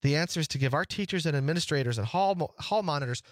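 A man in his forties speaking as a parent, halting with restarts at first and building to indignant outrage. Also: fairly high pitch, lively intonation, dry recording, clean studio sound. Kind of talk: impassioned personal testimony.

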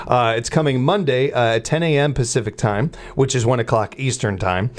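A man hosting a morning radio show in a relaxed, chatty, rambling way from a studio. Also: mid-range voice, normal speed. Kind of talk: casual radio chat.

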